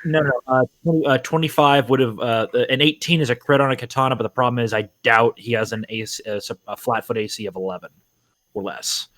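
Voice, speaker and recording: A man's voice: mid-range voice, steady tone, fairly bright tone, dry recording. Guy at a tabletop game, mid voice, dry sound, swears a bit, talks rules. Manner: quick, swears, works out rules aloud. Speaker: player. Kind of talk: casual game chat.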